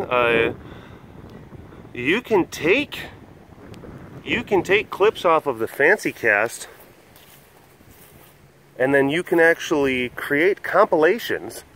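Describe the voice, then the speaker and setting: A rambling, animated man hosting. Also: a little high, a little hiss or hum. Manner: rambling, chuckles often, many restarts. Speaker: host. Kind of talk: casual rambling podcast chat. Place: animal compound.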